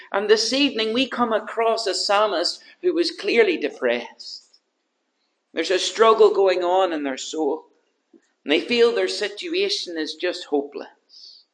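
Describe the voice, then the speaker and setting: A man's voice: high-pitched, fairly bright tone. A man preaching a sermon in an earnest manner, building his points through repeated rhetorical questions.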